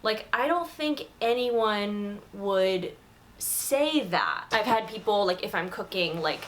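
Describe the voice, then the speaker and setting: A woman's voice: mid-range voice, animated, takes it slowly. A woman talking straight to camera in a casual way, full of "like" fillers and frank opinions. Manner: chatty, filler-heavy, candid opinions. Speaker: vegan video creator.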